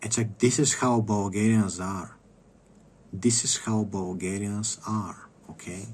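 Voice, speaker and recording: A man's voice: steady tone, slow, darkish tone, slightly rough. Profane ranting man streamer. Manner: profane, rambling, contemptuous; trails off into low mutters. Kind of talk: casual rant while gaming.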